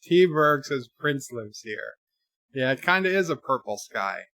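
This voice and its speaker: A man's voice: mid-range voice, expressive, a little slow, pushed and bright, no echo, studio quality. A man casually commenting on a film while reading viewer chat aloud, with wry, sarcastic asides and frequent fillers. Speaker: streamer watching a film with chat.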